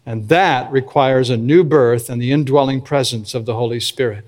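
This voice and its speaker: A male pastor delivering a sermon, earnest, with slow emphatic phrases. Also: mid-range voice, a little mellow.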